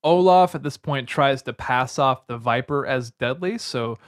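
A man's voice: mid-range voice, measured pace, dry recording, clean studio sound. A man co-hosting a podcast, casually recapping a film's plot and acting out its lines. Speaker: podcast co-host. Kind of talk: casual movie review chat.

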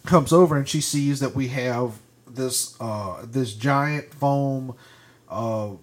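A man co-hosting a podcast, telling a story in casual chat, getting louder and higher as it builds. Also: slow pace. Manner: animated storyteller, gets loud and high when retelling. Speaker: podcast co-host. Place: podcast studio.

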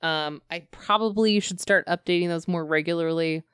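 Woman podcast co-host, lowish smooth voice, giggly and rambling, dry close mic. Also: moderate pace, no room sound. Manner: giggly, rambling, self-mocking. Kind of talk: casual chat. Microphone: compact podcast mic.

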